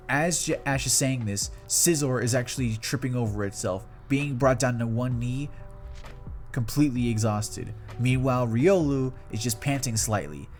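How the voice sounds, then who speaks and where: A man's voice: medium pitch, moderate pace, a little mellow. A young man narrating a fan story in a loose, conversational play-by-play with run-on phrasing. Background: faint guitar music.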